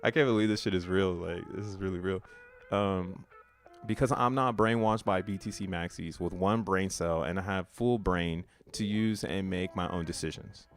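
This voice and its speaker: A man's voice: sits low, moderate pace, faint music behind. A man casually streaming, reading social media posts aloud with profane slang and frequent laughter. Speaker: crypto streamer.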